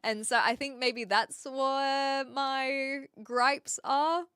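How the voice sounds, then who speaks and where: A woman with a New Zealand accent talks casually with her stream chat, stopping now and then to search for words. Her voice sits a little high and sounds bright and crisp. The sound is dry and close, with no room echo. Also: steady tone, very slow. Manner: chatty, thinks aloud and hunts for words. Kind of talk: casual live-stream chat, answering viewers.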